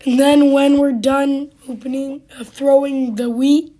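A woman with a hoarse voice hosting casual gameplay commentary, halting and full of fillers, now and then dropping to a whisper. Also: high-pitched, steady tone, mellow. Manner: halting, with many fillers and sudden drops to a whisper. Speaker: gaming channel host.

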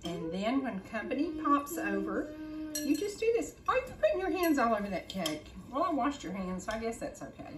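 Sing-song older woman, high voice. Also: sing-song, fairly quick, faint music behind. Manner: sing-song, coaxing baby talk. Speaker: host. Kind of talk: casual cooking demo with a grandchild. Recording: echoey kitchen, faint noise.

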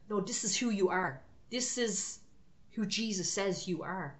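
A woman's voice: medium pitch, a little slow. A woman preaching an encouraging prophetic sermon to online viewers, talking in short, repeated exhortations.

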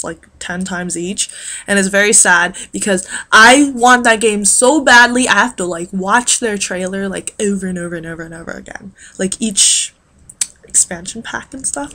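Bright-voiced rambling beauty vlogger woman. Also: medium pitch. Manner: rambling, chatty, lots of fillers. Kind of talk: casual chat.

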